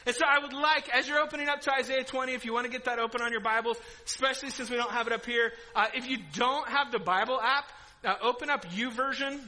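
A middle-aged male pastor preaching in a church auditorium, telling a story with animated energy, laughing and breaking into loud outbursts. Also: very high voice, quick pace, poor audio. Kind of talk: sermon.

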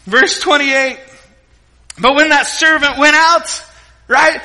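Male pastor, animated storytelling sermon delivery, ringing bright voice. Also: very high voice, a little slow, poor audio. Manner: animated, jokey, acts out voices. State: sick.

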